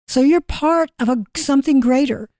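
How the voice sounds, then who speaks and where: A woman co-hosting a casual Christian radio talk show, speaking earnestly and chiming in gently. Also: high-pitched, normal speed, no room sound, studio quality. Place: barn studio.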